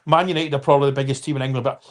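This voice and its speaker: A man's voice: mid-range voice, fairly even intonation, rapid-fire. Rambling man in his fifties. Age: 50s. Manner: rambling, frequent restarts and apologies, addresses viewers by name. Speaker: live-stream host. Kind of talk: casual football chat.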